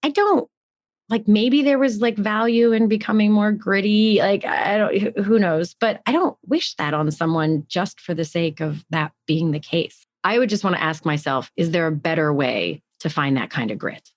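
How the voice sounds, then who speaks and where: A woman's voice: medium pitch, moderate pace, dry recording, dull audio. A woman co-hosting a podcast, thinking aloud in casual reflective chat with frequent restarts. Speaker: podcast co-host.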